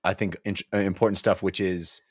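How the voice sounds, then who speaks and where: A man's voice: low voice, little pitch movement, brisk, slightly rough, no echo, studio quality. A man co-hosting a casual book discussion, animatedly acting out scenes. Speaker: podcast co-host.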